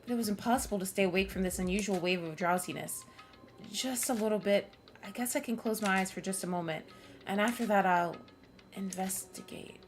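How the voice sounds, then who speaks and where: A woman's voice: mid-range voice, fairly quick, faint music behind. A woman streamer reading a visual novel aloud, cutting in with blunt, swearing asides.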